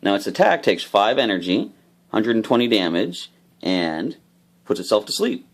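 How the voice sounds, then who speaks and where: A man with a fairly low voice hosts a casual card unboxing. His pitch swings widely as he talks, and he explains each card's rules with bursts of enthusiasm. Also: sing-song, moderate pace.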